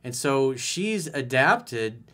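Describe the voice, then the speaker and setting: A man's voice: mid-range voice, big pitch swings, drawn-out words, fairly bright tone. A man giving dating advice as a coach in a solo video, reading a viewer's email aloud and commenting on it bluntly and emphatically.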